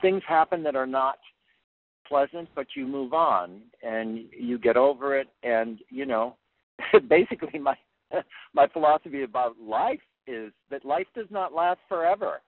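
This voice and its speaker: A man's voice: medium pitch, lively intonation, measured pace, dry recording. An older man, a figure skating coach, answering interview questions in an earnest, plainspoken way, often repeating words as he thinks. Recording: tinny phone-line sound, dry.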